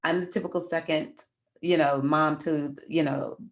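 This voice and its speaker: A woman's voice: sits low, fairly even intonation, moderate pace. A middle-aged woman hosting a casual livestream, chatting with viewers and telling a personal story. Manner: chatty, addresses viewers as y'all. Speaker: astrology livestream host.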